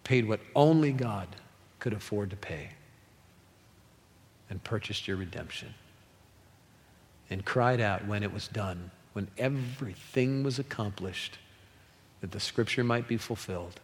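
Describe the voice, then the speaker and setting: A middle-aged man preaching a sermon as a pastor, emphatic, rising to loud pleas and dropping to hushed, solemn passages. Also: lowish voice, lively intonation, measured pace, long pauses. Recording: long hall reverb.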